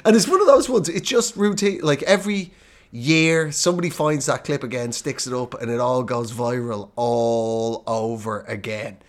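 An Irish man co-hosting a comedy podcast, telling stories in a lively way and laughing through his lines. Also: medium pitch, normal speed. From Ireland. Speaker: podcast co-host. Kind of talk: comedic storytelling chat.

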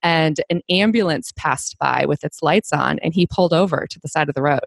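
A woman's voice: sits low, fairly quick, vocal fry, no echo. A woman interviewer in casual chat, laughing easily and telling a personal story. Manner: chatty, laughs easily, tells personal stories.

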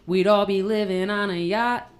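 A woman's voice: mid-range voice, fairly even intonation, normal speed. A young woman comedian chatting on a podcast, blunt and wry, backing up her friends. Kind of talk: casual chat.

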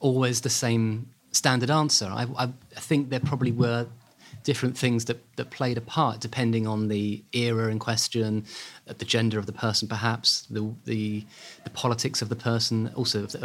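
A man, a guest author telling a history story in lively, animated conversation. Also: medium pitch, normal speed. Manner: lively, animated, hedging with fillers.

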